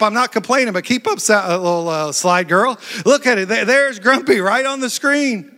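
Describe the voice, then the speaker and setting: High, bright-voiced preacher in an echoey hall. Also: male voice, moderate pace. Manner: playful, animated preaching with crowd interaction. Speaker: pastor. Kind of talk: lively sermon. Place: large church hall. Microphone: handheld microphone.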